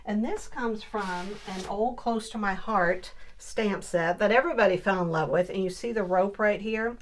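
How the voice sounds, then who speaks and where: A woman's voice: mid-range voice, normal speed. A woman hosting a casual crafting tutorial, chatting upbeat with viewers as she works. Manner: chatty, upbeat, talks to viewers while working. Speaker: crafting video host.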